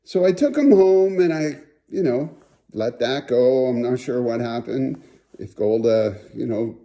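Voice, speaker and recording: A man telling funny stories about a late friend, acting out the voices in his anecdotes. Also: mid-range voice. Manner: folksy, animated storyteller acting out quotes. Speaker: friend giving a tribute. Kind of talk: storytelling tribute.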